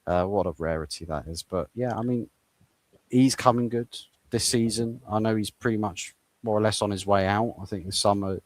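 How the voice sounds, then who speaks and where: A man's voice: lowish voice, normal speed, dry recording. A man giving opinionated football takes in a casual chat, often repeating words as he starts a thought. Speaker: co-host football pundit.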